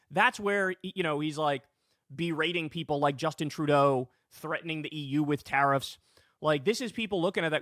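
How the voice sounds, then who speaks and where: Guy ranting about politics, kinda high voice, swears a lot, talks right at viewers, dry close mic. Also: fast, dry recording. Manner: animated, swears, addresses viewers as guys and y'all. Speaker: political commentator. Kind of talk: heated political commentary reading news.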